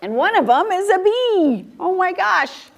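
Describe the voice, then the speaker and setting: A woman's voice: very high-pitched, sing-song, a little slow, creaky, slight background noise. A woman reading picture books aloud to a group of young children, playful and sing-song, asking them questions and laughing often. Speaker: children's story time reader.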